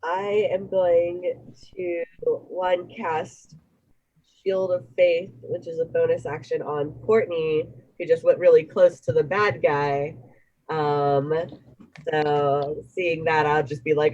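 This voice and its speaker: A woman's voice: low voice, steady tone, slow, darkish tone, muffled recording. A woman playing a tabletop game over a call, speaking casually. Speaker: player.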